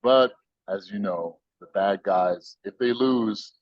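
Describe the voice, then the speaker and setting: American guy preaching in slang, deep-ish voice, dry muffled mic. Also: slow pace, no echo. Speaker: guest, company founder. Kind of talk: animated storytelling interview.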